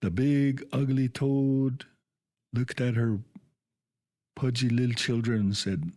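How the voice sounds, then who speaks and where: A man reading a storybook tale aloud on a radio culture program, halting now and then to restart words. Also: mid-range voice, fairly even intonation, darkish tone, no echo, studio quality.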